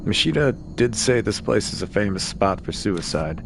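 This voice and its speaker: A man streaming a horror game, reading the text aloud at a measured pace with casual asides. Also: lowish voice, lively intonation, gravelly, background noise. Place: home streaming setup.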